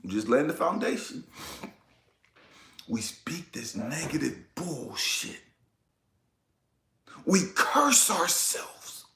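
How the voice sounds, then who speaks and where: Animated, tearful man in an echoey room. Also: fairly high pitch, slow pace, pauses often. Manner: swings between hushed whispers and shouted pleas; raw, tearful, swears freely. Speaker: spiritual vlogger. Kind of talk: impassioned personal testimony.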